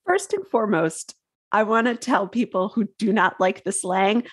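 A woman's voice: mid-range voice, lively intonation, normal speed, breathy edge, dry recording, studio quality. A woman author guesting on a podcast interview, chatty and rambling, leaning on "like" and laughing often.

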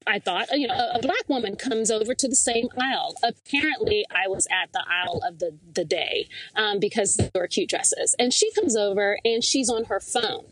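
A woman from the American South, a podcast interview guest, telling a personal story with lively acted-out dialogue. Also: mid-range voice, normal speed, hardly any pauses, low-quality recording. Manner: animated storyteller, acts out quoted dialogue.

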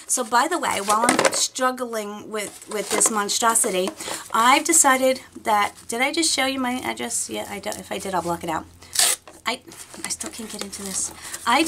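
A middle-aged woman vlogging casually as she unboxes a beauty box, chatty, excitable and rambling. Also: on the high side, background noise.

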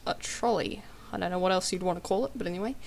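A woman's voice: lowish voice, quick pace, gravelly, a little mellow, a little hiss or hum. A teenage girl from Australia with an Australian accent, chatting casually and hesitantly with lots of ums and giggles. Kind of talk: casual vlog.

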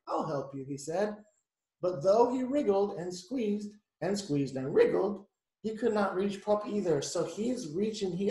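Guy teacher reading a kids picture book, kinda high voice, chatty asides, echoey room. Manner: chatty, explains the pictures, asks the kids questions.

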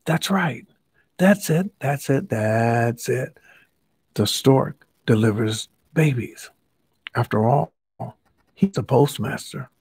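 A man voicing a male lion in a children's story, dismissive and giggly, with a slightly husky voice. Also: mid-range voice, animated, slow, pauses often, a little mellow, dry recording, exaggerated voice. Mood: amused. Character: laughing, scoffing male lion, sure of himself.

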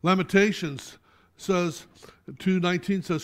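A middle-aged male pastor delivering a Sunday sermon, his voice sitting a little high for a man. He preaches animatedly, swinging between loud, pressing appeals and quiet, intimate asides. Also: normal speed. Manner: animated preaching with sudden soft drops. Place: church sanctuary.

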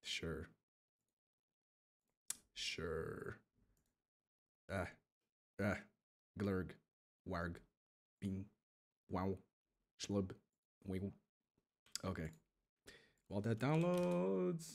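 A man's voice: low voice, drawn-out words, creaky, long pauses, darkish tone. A man streaming a video game, rambling and joking to himself and his chat as he plays. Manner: rambling, joking self-talk while playing. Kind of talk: gaming livestream.

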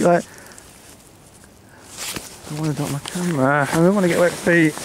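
A man's voice: on the high side, fairly even intonation, normal speed, slight background noise. A British man vlogging on flooded country trails, rambling and self-deprecating while talking into his camera. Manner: rambling, self-deprecating, mutters asides to himself. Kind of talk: casual vlog talk to camera. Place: outdoors on flooded rural trails in winter.

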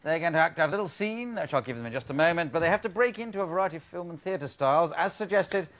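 A man's voice: a little high, expressive, fast talker, fairly bright tone. A man hosting an improv comedy show, setting up scenes with dry, wry asides. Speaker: game show host. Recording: TV studio with laughing audience.

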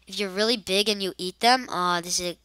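A chatty woman rambles through a let's-play, tossing out silly asides between moves. Her voice is bright and smooth. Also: mid-range voice, brisk, no room sound, studio quality. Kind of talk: casual gameplay commentary.

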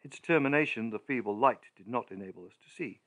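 A man narrating a horror audiobook in a measured, deliberate, storytelling manner. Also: medium pitch, expressive, a bit bright.

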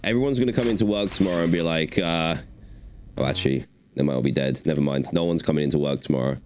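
A man's voice: extremely low pitch, fast talker, darkish tone, slight background noise. A young man giving chatty, playful commentary while playing a video game. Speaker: gaming YouTuber. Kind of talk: gaming commentary.

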